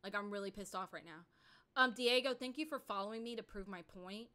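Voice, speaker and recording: A woman's voice: medium pitch, brisk, pushed and bright. A woman streaming to her chat, ranting angrily in casual talk full of fillers.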